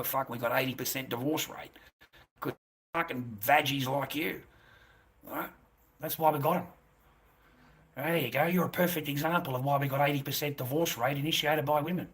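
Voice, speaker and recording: Brash Australian bloke streaming, husky and forceful, firing off taunts and swearing at viewers. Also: male voice, a little high. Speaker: livestreamer answering chat. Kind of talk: profane livestream rant.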